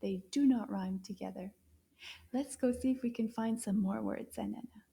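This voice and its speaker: A young woman teaching a children's language lesson, in a sing-song, encouraging manner with hushed asides. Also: medium pitch, normal speed, creaky. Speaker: French teacher.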